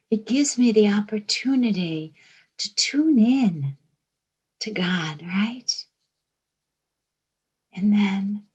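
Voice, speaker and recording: A middle-aged woman with a Georgia accent, giving a reflective spiritual talk in short phrases with long pauses, often dropping to a hushed whisper. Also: medium pitch, slightly rough, low-quality recording. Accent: Georgia (US South). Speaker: spiritual teacher.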